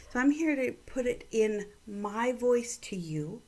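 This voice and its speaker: A middle-aged woman and mother telling a personal story and offering gentle encouragement, often dropping into soft whispers. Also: a little high, normal speed, hardly any pauses. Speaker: vlog host giving encouragement.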